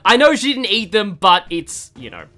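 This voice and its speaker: In a casual let's-play, an Australian gaming streamer rambles through commentary full of fillers and restarts. The medium-pitched voice is sing-song, pushed, and bright, moving at a moderate pace with faint music behind it.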